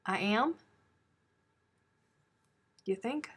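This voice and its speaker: A woman's voice: mid-range voice, fairly even intonation, a little slow. A woman hosting a crochet live stream from home, chatting casually and teasing her viewers. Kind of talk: casual chat reading viewer comments.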